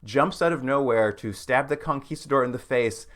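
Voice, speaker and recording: Man, podcast co-host, wry deadpan, mid pitch, casual recap. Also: moderate pace. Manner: wry, deadpan plot summaries with chuckles. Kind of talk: casual chat recapping a TV miniseries.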